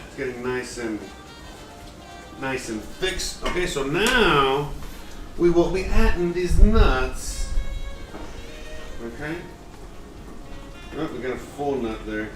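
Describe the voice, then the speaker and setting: Rambling man cooking far from mic. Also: mid-range voice. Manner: rambling, filler-heavy, jokey. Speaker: cooking streamer, former chef. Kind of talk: casual live cooking stream. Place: home kitchen. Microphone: distant from the mic. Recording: roomy, distant, noisy home recording.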